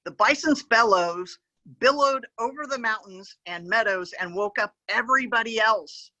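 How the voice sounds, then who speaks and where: A woman reading a picture book aloud to children as a park educator, gently pointing to the pictures and adding animal sound effects. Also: a little high, moderate pace, no echo, low-quality recording.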